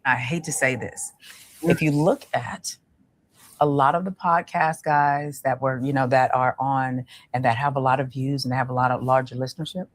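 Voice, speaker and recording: Low-voiced woman coach explaining calmly. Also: moderate pace. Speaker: relationship coach. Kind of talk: podcast interview.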